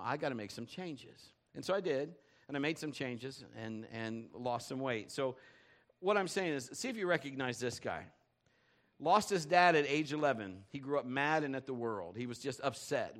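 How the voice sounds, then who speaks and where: A male pastor delivering a sermon in a relaxed, conversational style. His voice sits a little high for a man. He jokes, tells stories and keeps checking in with the congregation. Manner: conversational, joking storyteller, asks the crowd questions.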